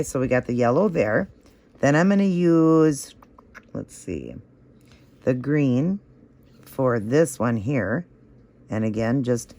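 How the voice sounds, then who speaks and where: A man's voice: medium pitch, vocal fry, a little mellow. A man hosting a nail art tutorial, talking through each step in a chatty, encouraging way and gushing over how the results look.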